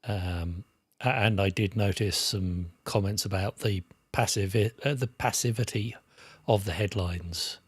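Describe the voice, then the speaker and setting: A man's voice: lowish voice, measured pace, slightly rough, no room sound. A man co-hosting a podcast in casual chat, hesitant, with dry understated remarks. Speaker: podcast co-host.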